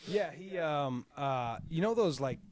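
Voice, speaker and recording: A man's voice: a little high, animated, a little slow, crowd noise. A man who promotes fights, hosting a podcast in a rambling, repetitive, conversational way. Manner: rambling, repeats words and "at the end of the day". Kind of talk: casual podcast chat.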